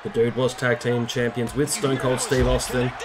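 A man hosting a casual let's-play, chatting and reacting excitedly to the game. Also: medium pitch, normal speed, background noise. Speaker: gaming channel host. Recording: loud game music behind.

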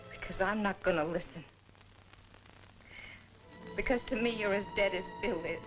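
A woman's voice: medium pitch, moderate pace, close to an everyday voice. An actress playing a bitter young woman coldly rejecting a man in a 1950s film, cutting and scornful. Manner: cold, cutting, rising to shouting. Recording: dull old film soundtrack with music.

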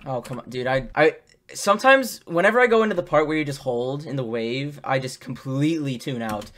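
A man's voice: medium pitch, animated, brisk, a bit bright. A young man giving casual gameplay commentary, breaking into frustrated outbursts and swearing, recorded at a home desk mic. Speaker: gamer playing a hard level. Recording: faint game music behind.

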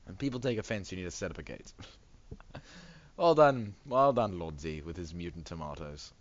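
Giggly low-voiced man commentating games. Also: lively intonation, quick pace, darkish tone, muffled recording. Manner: giggly, rambling, laughs often. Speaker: tournament host and commentator. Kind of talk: casual game commentary.

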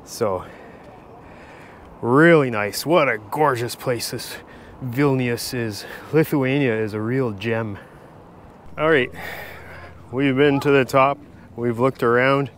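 Travel vlogger, male, mid-pitched, easygoing walk-and-talk narration, faint city noise behind. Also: takes it slowly, pauses often. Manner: relaxed, chatty running commentary while walking. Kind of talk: casual walking vlog narration. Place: outdoors in a city, walking.

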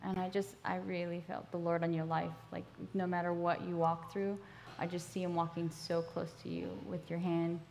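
A woman at a church service reading scripture and sharing prophetic words, gentle and earnest, with many ums. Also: lowish voice, flat delivery, normal speed, gravelly, a little hiss or hum. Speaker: guest minister. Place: church sanctuary.

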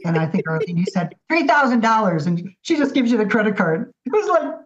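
A woman guest artist telling her story in a casual, animated interview. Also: medium pitch, a little fast, a little hiss or hum. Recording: dull lo-fi audio.

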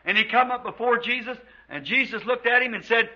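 A man from the United States preaches to his congregation with fervour, his voice pitched high and a little husky. He stretches out his scripture quotes slowly, then speeds through the asides. The recording is dull and lo-fi, like an old church tape. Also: pushed and bright. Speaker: pastor. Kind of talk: sermon.

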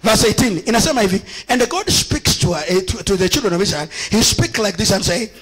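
A man with a Kenyan accent preaching a sermon as a bishop, using call-and-response and repeating his lines back to the congregation, shifting between shouted, sing-song declarations and quieter asides. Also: high voice, animated, a little fast, husky, rough recording. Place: church.

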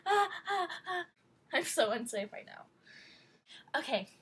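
A woman opening a package for her vlog, gushing and excitable, often squealing. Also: high-pitched, a little slow, background noise. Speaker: vlogger.

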